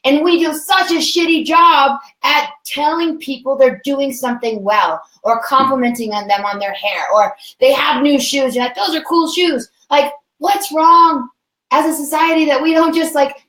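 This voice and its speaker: A woman's voice: high-pitched, moderate pace, fairly bright tone. A woman author as a guest in a casual chat, talking in an upbeat, earnest and slangy way. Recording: echoey room.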